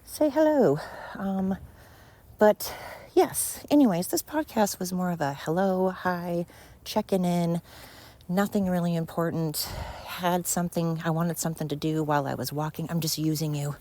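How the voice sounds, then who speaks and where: A woman's voice: on the low side, normal speed, dark tone. A woman hosting a rambling solo podcast while walking outdoors, out of breath and talking in a scattered, chatty, self-deprecating way. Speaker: podcast host. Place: outdoors on a night walk by a road.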